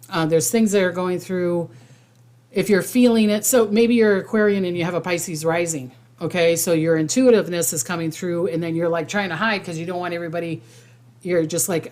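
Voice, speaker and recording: A woman's voice: on the low side, fairly quick, a little mellow. A woman hosting a casual psychic livestream, rambling with restarts and fillers and reading viewer comments aloud.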